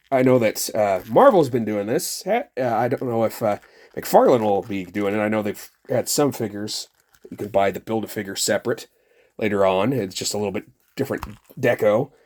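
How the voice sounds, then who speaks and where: Profane, rambling middle-aged man ranting. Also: medium pitch. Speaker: toy reviewer. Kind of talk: casual ranting review.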